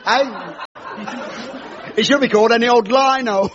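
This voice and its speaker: A man's voice: very high-pitched, normal speed, crowd noise, background noise, voice pushed up. A man playing a cheesy clairvoyant comic host, cracking gags in brash patter. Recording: lo-fi recording with loud audience laughter.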